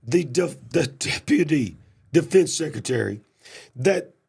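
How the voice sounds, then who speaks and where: Male host, raspy and gravelly, emphatic commentary, nursing a cough. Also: fairly high pitch, expressive, unhurried. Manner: emphatic, builds to shouted questions. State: coughing, cough drops in mouth. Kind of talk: casual political commentary.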